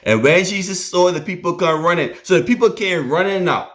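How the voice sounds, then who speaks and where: A man's voice: sits high, lively intonation, fairly quick, a bit bright. A man preaching a sermon, emphatic and storytelling, with repeated rallying phrases.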